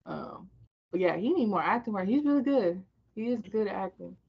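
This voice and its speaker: A woman guest in a casual podcast chat, relaxed and agreeable. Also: mid-range voice, a little fast, creaky, breathy edge, dull audio.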